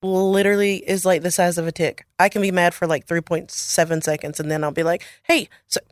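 A woman's voice: fairly low pitch, little pitch movement, a little fast, no room sound, studio quality. A woman co-hosting a podcast, chatting in a laid-back way and laughing easily. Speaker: podcast co-host. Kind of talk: casual chat.

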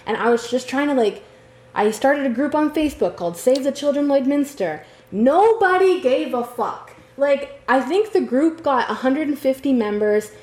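A woman's voice: fairly high pitch, a little mellow, roomy sound. A woman co-hosting a casual chat podcast, talking emphatically with lots of swearing, fillers and restarts. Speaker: podcast co-host.

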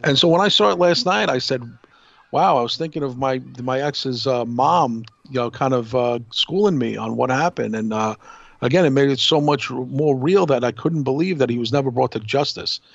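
A man from New York co-hosting a podcast, telling a long story in a rambling, animated way with many restarts. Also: mid-range voice, normal speed, vocal fry, no echo, dull audio. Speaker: podcast co-host. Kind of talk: casual storytelling chat.

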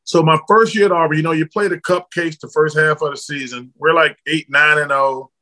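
A middle-aged man from Alabama, a former basketball player telling blunt, lively stories as a guest in an interview. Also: on the high side, a little fast, low-quality recording. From Alabama, United States. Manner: lively, blunt storyteller, casual slang. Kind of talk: candid storytelling in an interview.

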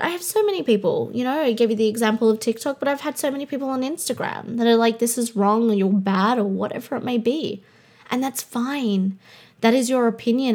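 A young adult Australian woman, a podcast host and coach, talking in a candid, blunt way and swearing freely. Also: fairly high pitch. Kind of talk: casual monologue.

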